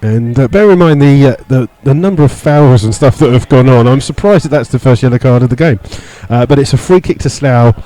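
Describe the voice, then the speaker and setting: Mellow-voiced man calling live football. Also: fairly quick, few pauses, dry recording, poor audio. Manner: steady play-by-play with many fillers, rising in pitch when indignant. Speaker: radio football commentator. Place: stadium stand among fans.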